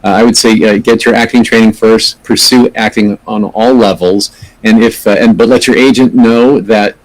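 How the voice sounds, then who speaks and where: Earnest, low-voiced man being interviewed. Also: steady tone, normal speed, poor audio. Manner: thoughtful, earnest, many small restarts. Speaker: actor, podcast guest. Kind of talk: conversational interview answers.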